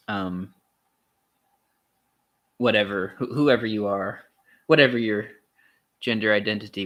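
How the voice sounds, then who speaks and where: Man with a lower voice, reading aloud hesitantly. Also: a bit bright. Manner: halting, many ums and restarts, wry sarcastic asides. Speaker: channel host reading aloud. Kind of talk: casual read-aloud of a philosophy text with asides.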